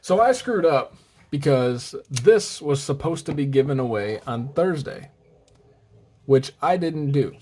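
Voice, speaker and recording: A man's voice: medium pitch, animated, a little slow, darkish tone, husky. A man hosting a casual show-and-tell vlog, chatty and rambling, often correcting himself, slightly out of breath. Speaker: host of a knife and gear channel.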